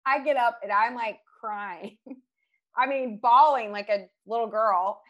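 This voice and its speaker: A married woman in casual conversation, telling a personal story in a lively, emotional way and laughing often. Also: fairly high pitch, slow pace, muffled recording. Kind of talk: casual chat.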